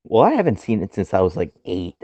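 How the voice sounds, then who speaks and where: A man's voice: lowish voice, huge pitch swings, quick pace, warm tone, no room sound, lo-fi sound. A young man co-hosting a podcast, giggling often and acting out quotes in silly voices. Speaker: podcast co-host. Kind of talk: casual chat.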